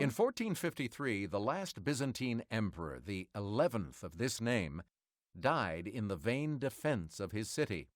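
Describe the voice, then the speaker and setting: A man hosting a quiz game, reading clues and answers in a crisp, measured announcer delivery. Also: lowish voice. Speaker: quiz show host.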